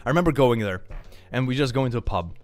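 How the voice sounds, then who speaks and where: A man's voice: medium pitch, fast talker. A man from Sweden, chatting playfully on a live stream and reading out supporters' messages. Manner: playful, animated, jokey. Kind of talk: casual live-stream chat, reading donations.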